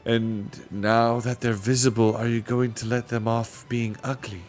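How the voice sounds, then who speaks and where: A man's voice: flat delivery, measured pace, darkish tone, faint music behind, lightly acted. A man voicing a curious, polite young girl in a storybook reading, raising his voice to sound girlish. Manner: raised girlish pitch, eager questions.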